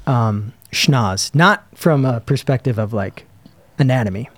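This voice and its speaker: A man talking in a relaxed, rambling way in a casual chat, full of fillers. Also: medium pitch, unhurried, no room sound. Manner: laid-back, rambling with lots of fillers.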